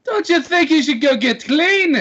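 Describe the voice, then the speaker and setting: A man voicing a blunt, fatherly tavern regular who speaks in a loud, barking way. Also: very high-pitched, expressive, normal speed, muffled recording. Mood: gruff.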